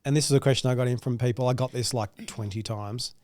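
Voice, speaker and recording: A casual interview host who asks curious, slangy questions in a mid-pitched, easygoing voice. The sound is dry and close, with no echo around it. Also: steady tone, quick pace, a little mellow.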